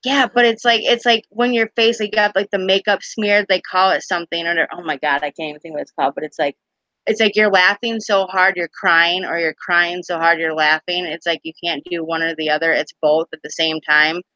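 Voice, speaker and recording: A woman's voice: lowish voice, steady tone, brisk, pushed and bright, no room sound, lo-fi sound. A woman hosting a casual live stream chat, giggly and rambling, full of "like".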